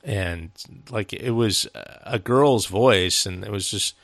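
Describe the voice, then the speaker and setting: A man's voice: lowish voice, slow pace, fairly bright tone, no room sound, clean studio sound. A man co-hosting a casual podcast chat, telling a rambling story with plenty of swearing, fillers and restarts. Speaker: podcast co-host.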